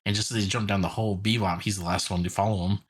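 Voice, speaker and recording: A young man with a low, slightly husky voice co-hosts a casual podcast. He retells a cartoon episode in an animated, rambling way, full of filler words. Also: rapid-fire. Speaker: podcast co-host.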